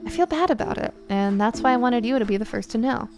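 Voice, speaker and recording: A woman voicing a cheerful young adult brother at university who talks warmly and reassuringly. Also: fairly high pitch, lively intonation, fast, over music. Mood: affectionate. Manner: warm, laughing, reassuring.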